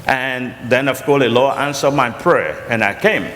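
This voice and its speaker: A man with a Liberian accent telling his life story as a chapel guest, in an earnest voice that climbs high when he quotes others. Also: moderate pace, fairly bright tone, in a large hall. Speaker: college founder and chapel guest. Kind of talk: storytelling testimony on stage.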